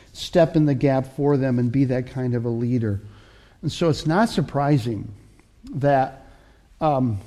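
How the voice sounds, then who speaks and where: A man preaches a sermon in a conversational style, teaching through scripture and frequently correcting himself mid-sentence. His voice is medium-pitched with a dark tone.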